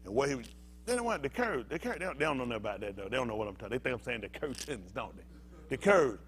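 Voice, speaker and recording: A man's voice: medium pitch, very animated, very fast, fairly bright tone, slight background noise. An older male pastor giving a fiery sermon, heated and emphatic, firing rhetorical questions at the congregation.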